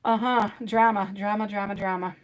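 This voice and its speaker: A woman's voice: mid-range voice, level tone, normal speed. A woman reading tarot live for her viewers, rambling and chatty, laughing often and calling people by pet names like sweetie and my love. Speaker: tarot reader.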